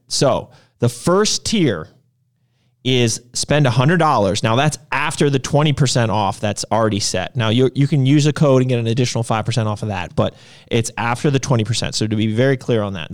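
A young man hosting a casual promotional chat about store sales. He talks in a loose, rambling way and often stops and restarts his sentences. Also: medium pitch. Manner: loose and chatty, stops and restarts, jumps between deals. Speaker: gym owner and supplement shop host.

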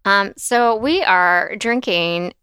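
A woman's voice: medium pitch, slow pace, sharp tone, smooth, no room sound, studio quality. A woman co-hosting a podcast in casual chat, upbeat and full of fillers as she leads a segment. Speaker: podcast co-host.

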